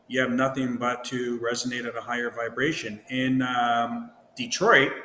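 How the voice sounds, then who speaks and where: A man's voice: mid-range voice, bright, forceful tone. A man from Ontario, a guest, telling anecdotes in casual chat and acting out the dialogue he quotes. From Ontario, Canada. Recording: roomy echo with long reverb, faint noise.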